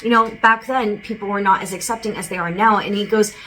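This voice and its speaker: A woman's voice: mid-range voice, fairly even intonation, brisk, bright, forceful tone, a little hiss or hum, rough recording. A woman as a psychic medium giving a channeled spirit reading, relaying what she hears in a casual, rambling way with lots of "he goes".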